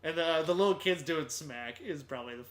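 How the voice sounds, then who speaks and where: Man, podcast co-host, casual movie chat, bright tone, slightly high pitch, laughs often. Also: a little fast. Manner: laughs often, quotes lines in put-on voices.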